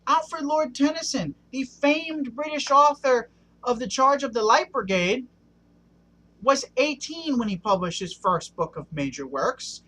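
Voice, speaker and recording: A man's voice: very high voice, lively intonation, measured pace, sharp tone, rough recording. A man ranting passionately in a one-take video monologue, punctuating points with a questioning "okay?". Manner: passionate, keeps asking "okay?". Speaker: vlogger.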